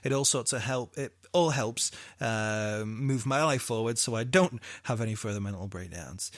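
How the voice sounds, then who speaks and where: A man's voice: medium pitch, moderate pace, no room sound, studio quality. A British man co-hosting a podcast in casual, jokey chat with a lot of swearing and laughter. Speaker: podcast co-host.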